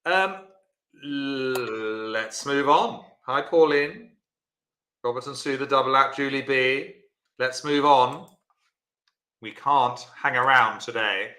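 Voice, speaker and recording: A man's voice: mid-range voice, slow pace, long pauses, bright, forceful tone, reverberant. A man teaching a live-streamed bridge lesson, chatty and encouraging, answering viewers by name.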